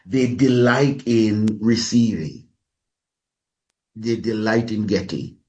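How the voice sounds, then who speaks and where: A man preaching a sermon as a pastor, speaking deliberately and calling his listeners beloved. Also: lowish voice, a little mellow.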